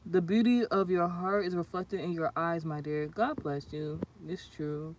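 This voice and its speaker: Woman, tarot livestreamer, brash and profane, reading chat over steady background noise. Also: fairly low pitch, unhurried. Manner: blunt and profane, trades insults with commenters. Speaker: tarot reader streaming live.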